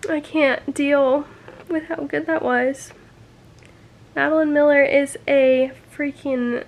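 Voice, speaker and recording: High-voiced slow-talking young woman vlogger. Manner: emotional, sighs often, many fillers. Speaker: book vlogger. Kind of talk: casual reading vlog reactions.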